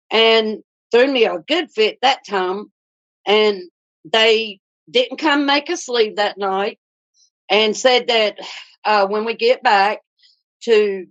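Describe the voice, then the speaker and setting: A woman's voice: a little high, a bit bright. Indignant woman, lo-fi recording. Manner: indignant, repeatedly quoting herself and staff. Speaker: customer telling a complaint. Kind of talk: casual spoken account. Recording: dull lo-fi recording.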